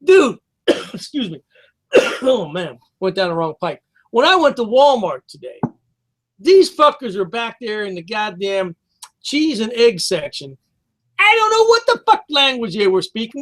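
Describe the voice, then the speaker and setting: A man's voice: high voice, sing-song, normal speed, fairly bright tone. A man in his fifties co-hosting a podcast, ranting heatedly and swearing constantly. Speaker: podcast co-host. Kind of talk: casual profane chat.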